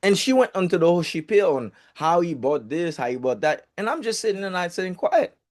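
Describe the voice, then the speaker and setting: Male speaker for a real estate group, casual storyteller with a lively, rather high voice and a loose, profane delivery. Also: brisk. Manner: animated, chatty, swears, fillers like blah blah.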